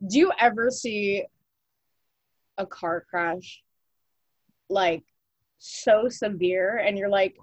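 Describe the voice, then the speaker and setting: A woman with a mid-pitched voice trades playful, slangy banter and laughs easily. It is a casual podcast, recorded on a dry, close mic. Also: slow pace, pauses often, no room sound. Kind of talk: casual chat.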